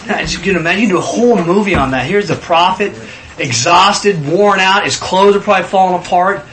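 A man leading a casual Bible study, teaching in an animated way and acting out scenes in voices. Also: high-pitched, brisk, rough recording.

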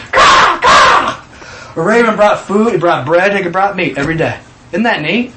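A man leading a casual Bible study, teaching in an animated way and acting out scenes in voices. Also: high voice, fairly quick, very noisy.

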